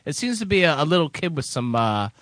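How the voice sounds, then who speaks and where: A man co-hosting a comedic music countdown, animated and teasing, quick to laugh. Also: a little high, no echo. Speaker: co-host.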